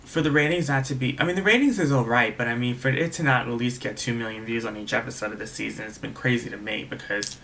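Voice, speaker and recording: A man's voice: mid-range voice, quick pace, vocal fry, few pauses. Profane young man ranting casually. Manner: animated, profane, repeats himself. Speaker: reality TV reviewer. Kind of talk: casual video review rant.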